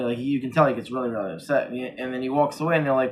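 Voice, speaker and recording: A man's voice: medium pitch, very fast, hardly any pauses. A man co-hosting a casual horror movie review, retelling scenes in a rambling way and acting out the characters' lines. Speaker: podcast co-host.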